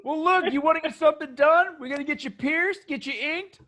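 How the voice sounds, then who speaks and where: A man voicing an excitable young male tattoo artist, eager and chatty. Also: very high-pitched, fairly quick, pitched above the performer's own voice.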